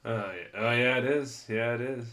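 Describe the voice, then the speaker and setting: A man's voice: mid-range voice, moderate pace, fairly bright tone. Laid-back man hosting a podcast. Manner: laid-back, swears casually. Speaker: podcast host. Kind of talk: casual chat.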